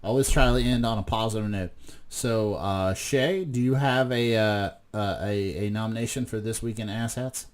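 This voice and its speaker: A man's voice: on the low side, moderate pace. A man from West Virginia co-hosting a podcast in casual chat, rambling with plenty of swearing and restarts. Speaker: podcast co-host.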